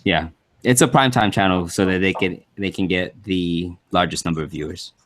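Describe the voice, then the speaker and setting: A man's voice: low-pitched, fairly quick, fairly bright tone. A man co-hosting a podcast, chatting casually in an easygoing way and laughing along. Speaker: podcast co-host. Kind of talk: casual chat.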